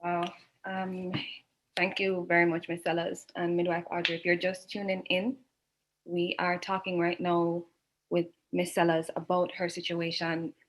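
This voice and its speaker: Low-voiced woman hosting a townhall. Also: monotone, a little slow. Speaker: townhall host. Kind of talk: hosting a live online townhall.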